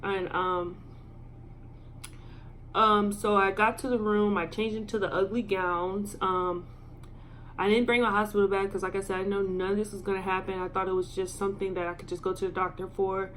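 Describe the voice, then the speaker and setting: A young woman with a drawl tells a personal story straight to her viewers. Her speech is casual and halting, full of ums, and her voice sits in an ordinary middle range. A faint hiss sits under her voice. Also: mid-range voice, level tone, a bit bright. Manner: halting and filler-heavy, emotional. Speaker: vlogger. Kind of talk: storytime vlog.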